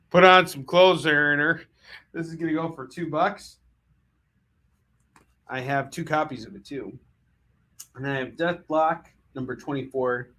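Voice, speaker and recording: Bright-voiced jokey man selling comics. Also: mid-range voice. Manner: jokey, punning sales patter. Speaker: comic book seller. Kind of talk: live sales stream.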